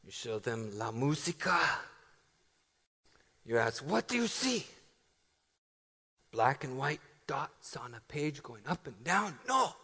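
A man's voice: medium pitch, sing-song, takes it slowly, pauses often, pushed and bright, slightly rough, big-room sound, exaggerated voice. A man putting on a hammy foreign-accented motivational speaker. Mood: mock-dramatic. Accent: put-on Spanish-flavored foreign accent.

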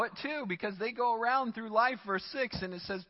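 A male pastor giving a conversational, animated sermon and acting out the voices he quotes. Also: extremely high pitch, brisk, in a large hall, dull audio. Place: church sanctuary.

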